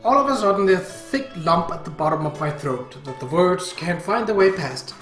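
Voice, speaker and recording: Man narrating a story over soft guitar. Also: high voice, expressive, moderate pace. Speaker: reader. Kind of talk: reading a visual novel aloud. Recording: roomy echo, faint guitar music.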